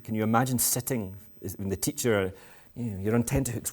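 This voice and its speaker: A man's voice: on the low side, fairly quick, darkish tone, slightly rough. A Scottish man giving a talk to school parents in a playful, provocative, self-mocking way. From Scotland. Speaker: education speaker. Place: school event with live audience.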